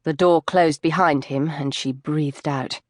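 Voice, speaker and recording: A woman narrating a novel in an expressive, measured reading. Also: sits low, no echo, clean studio sound. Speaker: audiobook narrator. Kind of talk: scripted narration.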